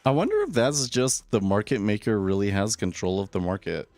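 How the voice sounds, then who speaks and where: A man's voice: lowish voice, very animated, fairly quick, a little mellow, faint music behind. A man streaming live trading commentary, casual and opinionated, often repeating words as he starts a sentence. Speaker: day trader streaming live.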